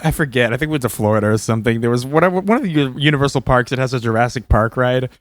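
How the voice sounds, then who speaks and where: A man's voice: mid-range voice, very fast, dry recording. A young man on a podcast telling a childhood story in casual, laughing, profane chat. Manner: laughing, swearing, animated storyteller. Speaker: podcast co-host.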